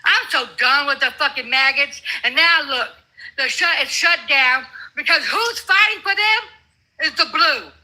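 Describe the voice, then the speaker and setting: A woman's voice: sits high, a little slow, pushed and bright, poor audio. An older woman arguing as a guest in a heated livestream debate, blunt, confrontational and full of profanity.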